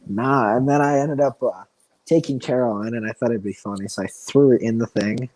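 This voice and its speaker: Dude rambling thru stories on a podcast, lots of likes and ums, bit of hiss behind him. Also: male voice, medium pitch, brisk, a little mellow, rough recording. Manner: rambling anecdotes with many fillers, swears casually. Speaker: podcast co-host. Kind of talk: casual chat.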